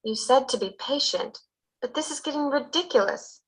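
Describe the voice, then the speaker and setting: A woman's voice: high-pitched, moderate pace, lightly acted, low-quality recording. A woman voicing a young woman in a scripted textbook dialogue who sounds anxious. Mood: tense.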